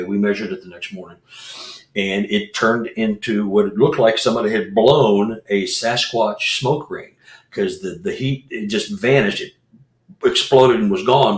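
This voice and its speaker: A man's voice: fairly low pitch, roomy sound. A man who researches Bigfoot and leads expeditions, telling a rambling story with restarts and repeated words. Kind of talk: casual storytelling.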